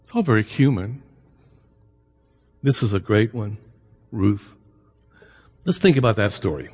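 A man's voice: fairly low pitch, lively intonation, unhurried, a little mellow, husky, long reverb tail. A middle-aged man giving a conversational lecture, full of anecdotes, asides and rhetorical questions. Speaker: lecturer on the Bible and immigration.

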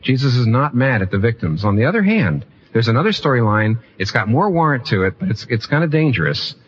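A man preaching a sermon in an animated way, often repeating phrases and restarting sentences. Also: medium pitch, a little fast, slightly rough, highs cut off. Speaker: pastor.

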